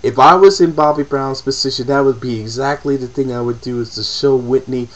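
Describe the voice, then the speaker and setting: A man's voice: medium pitch, fairly quick, hardly any pauses, rough recording. A man in an emotional, profane personal rant to camera, repeating himself as he presses his point. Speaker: vlogger.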